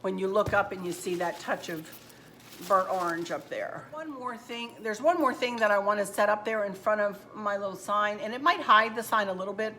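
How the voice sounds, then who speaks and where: Chatty woman with a bright voice. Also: medium pitch, slight background noise. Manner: chatty, homey, addresses viewers as y'all. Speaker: home decor channel host. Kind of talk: casual crafting demonstration. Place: at home, indoors.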